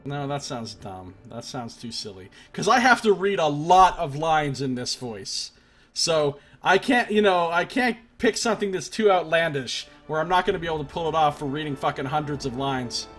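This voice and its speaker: A man's voice: on the high side, expressive, moderate pace, fairly bright tone, soft background music. A young man hosting a game stream, musing aloud in casual, half-mumbled commentary. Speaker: let's play host.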